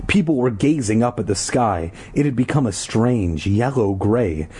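A man's voice: mid-range voice, expressive, moderate pace, a little mellow, husky. A man from Southern California casually reading a children's horror book aloud, with dry joking asides. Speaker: story reader.

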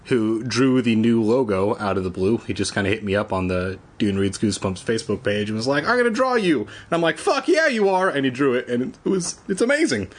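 A man hosting a casual read-aloud podcast, talking in rambling, jokey asides full of swearing, with a husky voice. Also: on the low side, a little fast, few pauses. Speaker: podcast host reading books aloud.

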